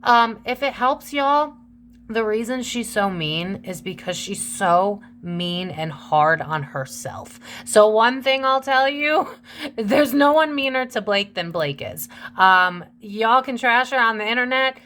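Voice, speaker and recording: A woman's voice: a little high, takes it slowly, fairly bright tone. A young woman hosting a casual tarot reading, chatty and gossipy, calling her viewers besties. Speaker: tarot reader and channel host.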